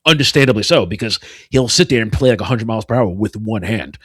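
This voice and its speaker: Dude cohosting a podcast, swears a lot, rambles and mumbles low, dry close sound. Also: male voice, animated, fast, fairly bright tone, breathy edge, no echo. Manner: profane, rambling, drops to a low mutter. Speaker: podcast co-host. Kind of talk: casual chat.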